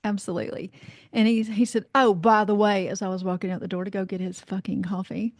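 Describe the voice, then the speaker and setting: A woman from North Carolina spins a lively anecdote as a podcast guest. She acts out the voices of the people in her story, leans on "you know" and swears with ease, at a middle pitch. Her voice sounds close and dry, with no room echo. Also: fairly quick. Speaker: guest, life coach. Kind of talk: casual storytelling in a podcast interview.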